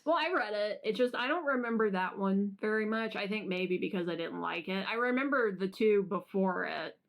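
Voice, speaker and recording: A woman's voice: mid-range voice, moderate pace. A young adult woman co-hosting a podcast in casual chat, rambling and self-deprecating. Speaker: podcast co-host.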